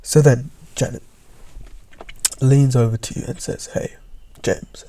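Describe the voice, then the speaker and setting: A young man casually narrating a second-person storytime, often dropping into hushed, half-whispered asides. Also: medium pitch, steady tone, measured pace.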